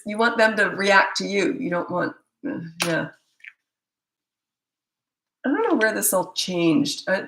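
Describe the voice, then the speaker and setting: A woman's voice: lowish voice, vocal fry, a bit bright. A middle-aged woman, a parenting coach, answering viewer questions in a blunt, emphatic and opinionated way. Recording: echoey room.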